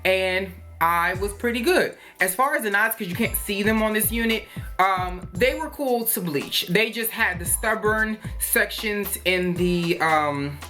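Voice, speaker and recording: A woman's voice: mid-range voice, unhurried, sharp tone. A woman reviewing hair products in a chatty, rambling way, with many fillers and playful jokes. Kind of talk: casual product review chat. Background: faint music.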